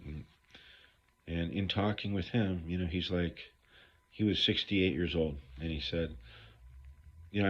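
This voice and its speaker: A man's voice: rumbling low, husky. A middle-aged man giving a candid recovery talk to viewers, blunt and profane as he rambles through his stories. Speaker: recovery speaker. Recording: dull lo-fi recording.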